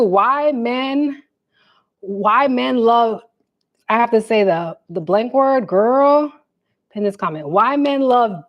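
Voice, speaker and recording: A young woman with a slightly high voice talks to her viewers on a livestream, animated and loose, full of slang and asides. The sound is dull and lo-fi, like a phone stream. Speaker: livestream host. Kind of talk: casual livestream chat.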